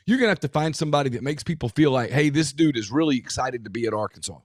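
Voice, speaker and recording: A man co-hosting a casual sports talk show, talking in an emphatic way with quick asides and restarts. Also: mid-range voice, expressive, dry recording, studio quality. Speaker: podcast co-host.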